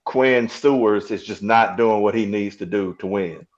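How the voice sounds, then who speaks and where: A man's voice: lowish voice, normal speed, highs cut off. A man on a casual sports panel, hesitating with fillers and cracking dad jokes.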